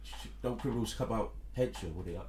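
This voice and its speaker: A man's voice: fairly low pitch, fast talker, reverberant, heavy background noise. A man on a casual football podcast, joking, swearing and steering to the next topic. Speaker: podcast co-host.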